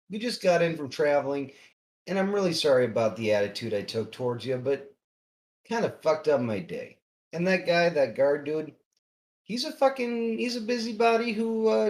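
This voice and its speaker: A man plays a tired, grumpy adventurer in a tabletop game. He talks casually with swearing and dry humor. His pitch bounces in lively swings. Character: wary, wry male adventurer, tired and grumpy.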